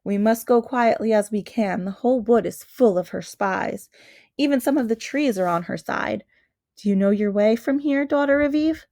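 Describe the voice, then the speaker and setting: A woman's voice: fairly high pitch, moderate pace, mellow, no echo, clean studio sound, natural voice. A woman voicing a courteous, remorseful male faun in a storybook reading, earnest and anxious in manner. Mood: urgent. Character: gentle, fretful male faun.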